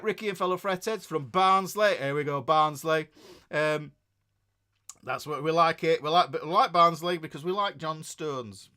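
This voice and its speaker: A man's voice: on the high side, pushed and bright. A man with a northern English accent hosting a guitar livestream, rambling chattily as he reads out viewer comments. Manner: rambling and chatty, with many fillers and restarts. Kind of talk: casual livestream chat, reading out viewer comments.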